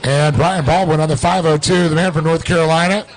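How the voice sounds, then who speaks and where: A man's voice: on the high side, fairly even intonation, fairly quick, poor audio. A man co-commentating a live race in a loose, jokey way, with many fillers.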